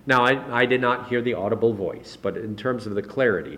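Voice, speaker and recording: A man preaching in a relaxed, conversational way, correcting himself often and pushing his voice up to stress key points. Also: a little fast. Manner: relaxed, chatty preaching with frequent self-corrections; rises in pitch and volume to stress key points. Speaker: pastor. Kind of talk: conversational sermon.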